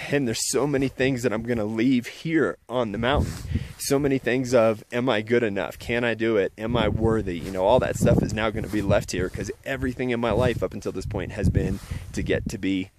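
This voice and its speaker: A man telling an emotional story outdoors on a mountain summit, earnest and halting, often repeating himself. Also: on the low side, slight background noise. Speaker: vlogger.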